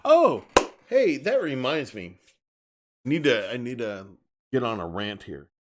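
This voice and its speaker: A man's voice: medium pitch, very animated, unhurried. A man hosting a live stream, speaking bluntly and emphatically in a casual rant and often repeating himself.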